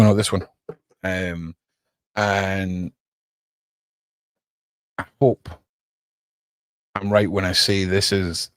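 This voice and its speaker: A Scottish man ranting on his live stream, profane and heated, his voice climbing high and loud in bursts. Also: no room sound, clean studio sound. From Scotland.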